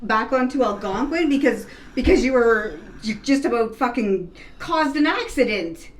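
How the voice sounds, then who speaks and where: A woman's voice: on the high side, expressive, moderate pace. Canadian woman, blunt and indignant, mic a bit distant, faint room hum. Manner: blunt, indignant, swears while telling. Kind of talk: casual chat.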